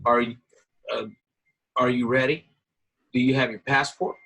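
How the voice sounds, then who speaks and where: Guest: middle-aged man, husky voice, lively storyteller who acts out the people he quotes. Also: medium pitch, moderate pace, low-quality recording. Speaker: interview guest, guitarist. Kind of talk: casual storytelling.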